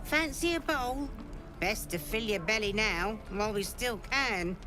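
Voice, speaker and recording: A woman's voice: fairly high pitch, lively intonation, unhurried, pushed and bright. An actress voicing a blunt, practical woman who cooks for the camp. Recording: game audio with music behind.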